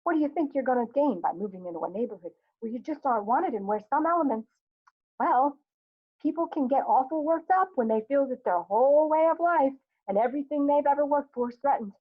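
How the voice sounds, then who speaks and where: A woman's voice: high-pitched, lively intonation, brisk, pitched above the performer's own voice. A woman reading aloud as a falsely courteous middle-aged official who hedges his words, in a tinny, phone-like recording. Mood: pleading. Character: polite, uneasy middle-aged white official.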